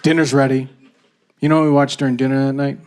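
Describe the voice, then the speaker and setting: A man in his thirties from Canada performing a stand-up comedy set on stage into a handheld mic, telling stories in an animated way. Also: medium pitch, fast talker. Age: 30s. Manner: animated storytelling, jumps into loud acted-out voices.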